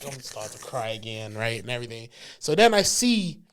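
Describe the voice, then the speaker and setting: A man's voice: medium pitch, very animated, moderate pace, crowd noise. A man on a podcast telling a wedding story in casual, slangy chat, laughing and acting out quotes. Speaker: podcast co-host.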